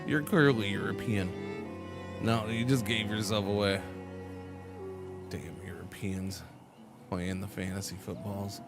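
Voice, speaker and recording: A man with a lowish voice streams a game live and talks loosely to his chat. He rambles, stammers and repeats himself as he answers messages. Game music plays clearly underneath. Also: steady tone, a little slow, pauses often.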